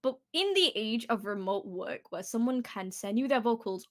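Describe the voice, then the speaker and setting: A woman's voice: fairly high pitch, lively intonation, moderate pace, hardly any pauses. A young woman with a British accent chatting casually on a stream, laughing often and trailing off with fillers. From Britain. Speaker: guest. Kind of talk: casual chat.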